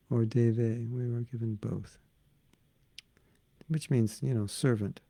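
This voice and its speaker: An older man leads a relaxed devotional class in a gravelly voice. He talks casually, fields questions and now and then slips into chanted prayers. The sound is dry and close to the mic. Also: mid-range voice, slow, long pauses, no room sound. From United States. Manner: chatty, answers questions from the audience. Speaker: spiritual teacher.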